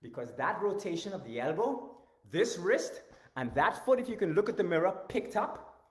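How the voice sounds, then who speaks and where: A man teaching martial arts strikes in a live-stream rant, emphatic and animated, shouting out strike sounds and often clearing his throat. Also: high-pitched, normal speed. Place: home training garage in the backyard.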